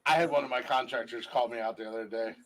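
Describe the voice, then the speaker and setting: A man's voice: medium pitch, steady tone, quick pace, low-quality recording. A man co-hosting a casual podcast chat, telling rambling stories with restarts and swearing. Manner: rambling storyteller with restarts and profanity. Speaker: podcast co-host.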